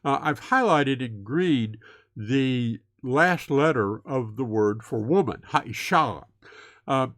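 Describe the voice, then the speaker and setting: A man's voice: mid-range voice, no echo. A man giving a recorded lecture, explaining methodically step by step with occasional fillers.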